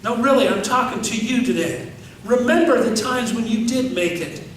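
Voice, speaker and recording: A male pastor delivers an emphatic sermon, pressing the congregation with repeated questions and phrases. His voice sits high for a man. It comes from a distance in a church hall, with strong echo and a faint room hum underneath. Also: animated, moderate pace. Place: church sanctuary. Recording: echoey church hall from far off.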